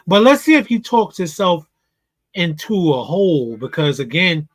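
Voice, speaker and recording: A man's voice: high voice, animated, normal speed, no room sound. A man hosting a live reaction stream, giving chatty opinions and repeating questions for emphasis. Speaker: reaction channel host. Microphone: streaming desk mic.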